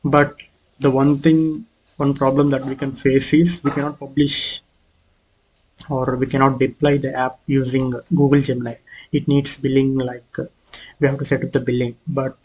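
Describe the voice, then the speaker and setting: A man's voice: mid-range voice, a little mellow, slight background noise, rough recording. A man casually walking through his own app prototype, hesitant, with frequent fillers and restarts. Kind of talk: casual screen walkthrough.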